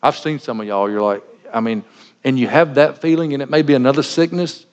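A man's voice: mid-range voice, a little fast, darkish tone. A middle-aged man preaching a sermon, folksy and joking, acting out little everyday scenes. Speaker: pastor. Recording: dull sound with long reverb in a large hall.

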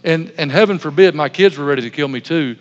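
A man's voice: a little high, quick pace, muffled recording. A man pastor giving a sermon, telling stories in a humorous, self-deprecating way. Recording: long hall reverb.

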